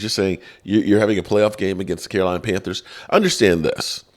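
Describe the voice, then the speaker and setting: Deep-voiced man hosting a sports show. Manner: animated, chatty, talks straight to viewers. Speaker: sports podcast host. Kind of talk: casual opinionated sports commentary.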